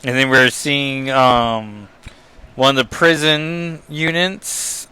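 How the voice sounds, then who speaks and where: Bright, clear-voiced man recapping comics. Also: medium pitch, slow. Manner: rambling, with many ums and asides; reads captions and dialogue aloud in a flat summary voice. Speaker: comic book reviewer.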